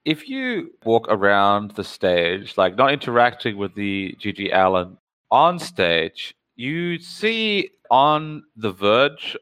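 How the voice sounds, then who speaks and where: A male game master narrating a tabletop game, piling up details as he sets each scene. His voice is bright and smooth, recorded close with a dry sound. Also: fairly low pitch, dry recording. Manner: descriptive, fond of lists of details.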